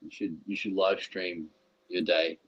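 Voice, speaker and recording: Husky man hosting a livestream. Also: low voice, little pitch movement, a little slow, fairly bright tone. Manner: joking, swears freely, slips into silly put-on accents. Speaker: livestream co-host. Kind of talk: casual livestream banter. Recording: dull lo-fi stream audio.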